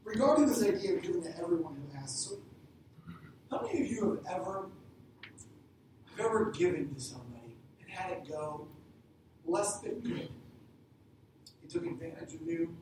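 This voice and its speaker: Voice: medium pitch, sing-song, normal speed, long pauses. A pastor preaching a conversational sermon who retells a story, acting out short lines for its characters. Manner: conversational, retells stories with quoted voices. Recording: very echoey hall, distant mic, noisy.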